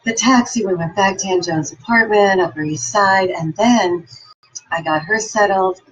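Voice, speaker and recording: A woman's voice: medium pitch, moderate pace, slightly rough, dull audio. Upbeat woman giving a motivational talk. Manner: upbeat, encouraging storyteller. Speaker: motivational speaker. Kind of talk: motivational talk with personal stories.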